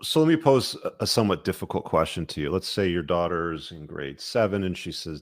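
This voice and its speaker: A man hosting a podcast interview in a relaxed way, often saying "man" and "you know". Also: deep voice, brisk, hardly any pauses, dry recording, clean studio sound. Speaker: podcast host.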